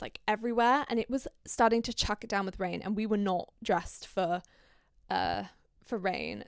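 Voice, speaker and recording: A woman's voice: medium pitch, vocal fry, no room sound, studio quality. Chatty woman telling a dating story. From Scandinavia. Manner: chatty, animated, swears often, acts out quotes. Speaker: podcast host. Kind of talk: casual storytelling.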